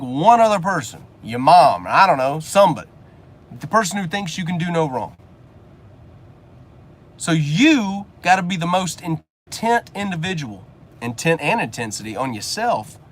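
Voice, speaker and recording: Blunt, swearing man ranting from a car. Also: sits high. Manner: blunt and preachy, swears casually. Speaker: business coach and channel host. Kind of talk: motivational rant.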